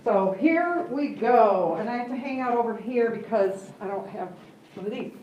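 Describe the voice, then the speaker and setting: A woman's voice: a little high, lively intonation, normal speed, darkish tone, lo-fi sound. A woman giving a classroom workshop as guest speaker, upbeat and joking while she gives directions, recorded from a distance in a classroom. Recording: echoey room from far off with hiss.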